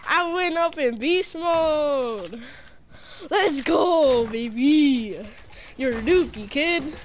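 A woman's voice: high-pitched, animated, very slow. A woman giving casual gameplay commentary, playfully trash-talking an opponent. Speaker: gamer. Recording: loud background noise, gunfire.

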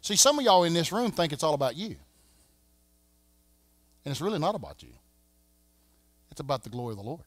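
Southern pastor guy preaching in church, high voice, dry sound, loud then quiet. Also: sing-song, brisk, pauses often, no room sound. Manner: preaching with swings from shouting to hushed. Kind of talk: sermon. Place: church sanctuary.

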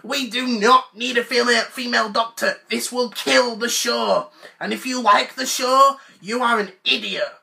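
A man's voice: very high-pitched, moderate pace, gravelly, bright, forceful tone, full character voice. A man playing an obsessive, whiny adult male sci-fi fanboy who stammers through fillers in a comedy sketch. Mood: ranting. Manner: indignant, whiny. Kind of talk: comedic rant to camera.

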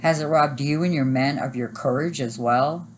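A woman reading aloud and voicing a booming, mysterious male knight in red armor, with a stern, commanding delivery. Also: normal speed, slight background noise, close to an everyday voice, poor audio.

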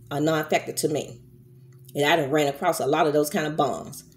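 A woman's voice: deep voice, darkish tone. A middle-aged woman vlogger delivering a heated, profane rant to her camera, scolding someone and turning to her viewers as y'all. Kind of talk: angry commentary rant to camera.

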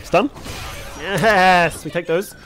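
A young man streaming a fighting game, giving excitable live commentary, swearing and shouting at the screen. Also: fairly high pitch, fairly quick, soft background music.

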